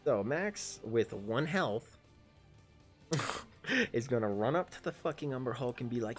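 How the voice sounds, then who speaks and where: A man in his thirties running a tabletop game on a livestream, excitable and swearing constantly as he narrates and shouts battle cries. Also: medium pitch, a little slow, pauses often, faint music behind. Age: 30s. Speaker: game master and player.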